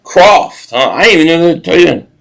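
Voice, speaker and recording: Man, high voice, rambling live-stream chat, restarts sentences, reacts to plays. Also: expressive, normal speed, creaky, fairly bright tone, low-quality recording. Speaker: live stream watch party host. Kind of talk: casual live-stream chat reading viewer comments.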